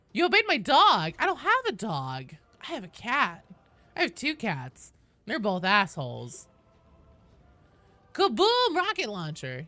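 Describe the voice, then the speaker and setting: A woman's voice: medium pitch, bright, forceful tone, no echo. A young woman streaming a game, chatting casually and upbeat with viewers, swearing now and then and greeting people by name.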